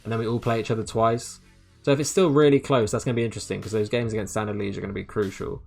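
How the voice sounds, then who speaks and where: A man giving casual, excitable commentary on a football management game, chatty and laughing often, sometimes tripping over his words. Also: lowish voice, rapid-fire, creaky, soft background music. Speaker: gaming YouTuber.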